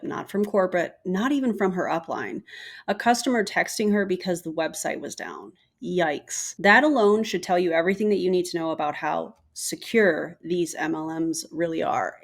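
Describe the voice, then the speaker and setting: A woman hosts a critical commentary video. She talks in a pointed, direct way with a sarcastic edge, and her voice sits a little low. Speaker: commentary YouTuber.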